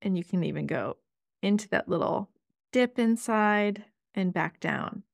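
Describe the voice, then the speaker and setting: A woman podcast co-host and parent, gently walking listeners through calming exercises in a casual chat. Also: medium pitch, unhurried, creaky, no room sound. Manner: gentle, instructive, sing-songy with kids' exercises.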